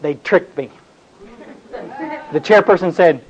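A man from North Texas gives a confessional talk to a recovery meeting. His voice sits fairly high, and he keeps restarting sentences as he tells his story. The recording sounds muffled and lo-fi. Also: brisk, a little mellow. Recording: dull, lo-fi recording.

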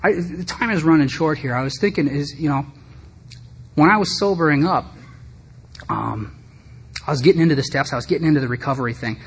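A man's voice: a little high, fairly quick, long pauses, slightly rough. Candid middle-aged man sharing his story. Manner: candid, self-deprecating, conversational with frequent asides. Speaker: speaker sharing at a recovery meeting. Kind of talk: personal recovery talk to a group. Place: meeting room.

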